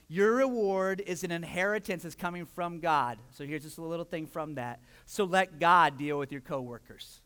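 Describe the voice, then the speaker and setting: A man preaching a sermon as pastor, telling stories and acting out quotes with lively energy. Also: sits high. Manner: animated storytelling with acted-out quotes. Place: church sanctuary. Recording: long hall reverb.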